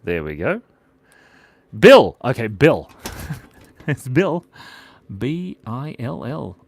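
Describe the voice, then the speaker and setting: Man, playful live drawing host, lively pitch, chatty, mumbles while sketching. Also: takes it slowly, creaky, slight background noise. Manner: playful, chatty, reads out viewer comments, often drops to a mumble while drawing. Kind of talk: live drawing stream chat.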